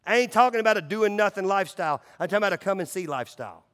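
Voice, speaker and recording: A pastor with a high-pitched voice delivers a rapid-fire sermon with lively intonation, keeping it casual and conversational. He alternates between near-whispered lows and loud, emphatic surges, and a long reverb tail makes it sound like a big sanctuary.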